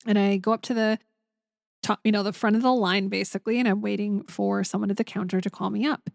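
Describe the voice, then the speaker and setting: A woman's voice: medium pitch, steady tone, fast, creaky, dry recording. Earnest woman podcaster, dry close sound. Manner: gentle, earnest, storytelling with many fillers. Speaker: podcast host. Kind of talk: casual spiritual podcast monologue.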